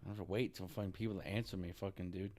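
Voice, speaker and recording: A man with a somewhat low voice vents in a rambling vlog monologue. He is exasperated and repetitive. He swears in nearly every line and keeps tacking "dude" onto his sentences. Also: fairly even intonation, rapid-fire, a little mellow. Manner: frustrated ranting, heavy swearing, repeats "dude". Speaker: vlogger. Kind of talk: venting monologue.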